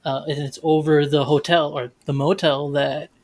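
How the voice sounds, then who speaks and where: A man co-hosting a podcast, describing comic panels in a halting way with many fillers. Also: a little high, level tone, darkish tone. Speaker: podcast co-host.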